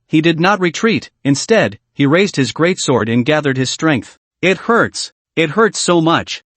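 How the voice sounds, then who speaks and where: A man giving a steady, scripted narration of a comic recap. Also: fairly high pitch, no echo. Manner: steady, even read with no fillers.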